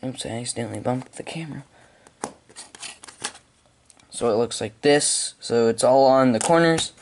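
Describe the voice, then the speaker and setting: A man giving step-by-step building instructions at home, halting with frequent ums. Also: mid-range voice, a little hiss or hum. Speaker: hobby video maker.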